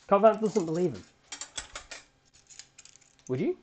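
A man hosting a solo fan podcast, recapping a TV episode in an excitable, animated storytelling way with frequent restarts. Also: fairly high pitch, unhurried, pauses often, slight background noise. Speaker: podcast host.

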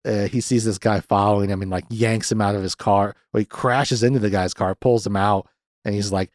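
A young man hosting a podcast, recapping a film in a rambling, profane, sardonic way and jumping into quick raised voices to mimic the characters. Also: fairly low pitch, darkish tone, no echo, clean studio sound. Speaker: podcast host.

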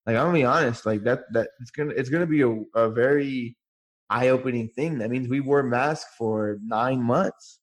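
A man chatting on a podcast in a relaxed, slangy way. His voice sits at a middle pitch and he keeps things loose and conversational. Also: moderate pace. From California. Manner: laid-back, slangy, says "bro" and "dude". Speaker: podcast co-host. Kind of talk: casual chat.

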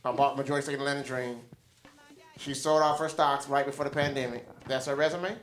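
A man's voice: mid-range voice, steady tone, fast, a little hiss or hum. A man co-hosting a podcast, joking and sarcastic as he tells a story. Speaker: podcast co-host. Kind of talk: casual opinionated chat. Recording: echoey room.

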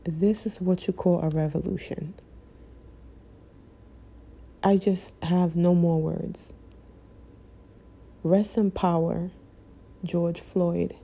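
A woman speaking in an emotional personal vlog, halting and impassioned, close to tears. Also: on the low side, fairly even intonation, vocal fry, dark tone, slightly rough. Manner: halting, impassioned, breaking off mid-sentence.

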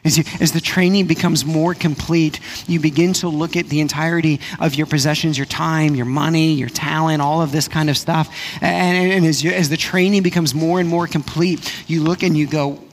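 A man, a pastor, preaching a sermon in a conversational way, repeating phrases and dropping to a hush for emphasis. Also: fairly high pitch, steady tone, slight background noise. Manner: conversational preaching with frequent repetition and "right?" asides; drops to a hushed, slow voice for emphasis.

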